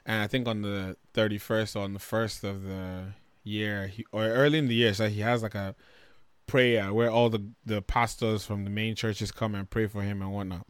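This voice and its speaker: A man from Nigeria, telling stories in a casual, animated way, swearing freely and getting loud when he retells arguments. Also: on the low side, moderate pace, clear, resonant tone, no room sound. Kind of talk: casual storytelling chat.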